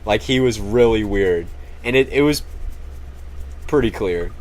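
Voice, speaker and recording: A young man telling a rambling, profane story in a casual, animated way, with many restarts. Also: fairly low pitch, unhurried. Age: young adult. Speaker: vlogger.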